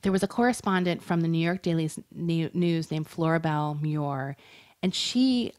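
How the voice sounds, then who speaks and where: A woman's voice: low voice, moderate pace, a little mellow. Chatty woman telling a true-crime story. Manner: chatty, laughs often, many fillers and restarts. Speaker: podcast co-host.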